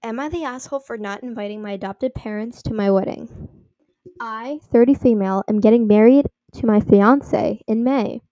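A woman's voice: on the high side, normal speed, warm tone, dry recording, lo-fi sound. Chatty woman reading posts aloud. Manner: chatty, lots of "like", apologizes for reading slips. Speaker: story reader and commentator. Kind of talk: reading online posts aloud with casual commentary.

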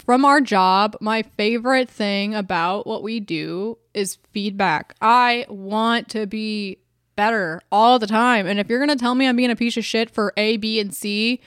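A woman's voice: mid-range voice, measured pace, smooth, no echo, studio quality. A woman co-hosting a casual podcast, talking bluntly and animatedly and swearing freely. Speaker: podcast co-host. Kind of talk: casual chat.

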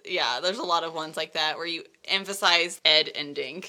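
A young woman discussing a poem in casual chat, laughing often and reading lines slowly. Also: sits low, bright, forceful tone.

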